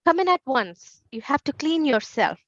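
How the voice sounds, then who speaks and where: Scolding mother figure voiced by a woman, storybook reading, high-pitched, dry dull audio. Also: big pitch swings, normal speed, dry recording. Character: scolding mother, fussy about dirt.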